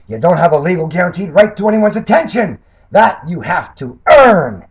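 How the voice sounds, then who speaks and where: Older male candidate, high husky voice, mocking and combative rebuttal monologue. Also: sing-song, moderate pace. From Canada. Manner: combative, mocking, swinging between loud jabs and low mutters. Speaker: political candidate and commentator. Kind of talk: sarcastic monologue reading and rebutting criticism.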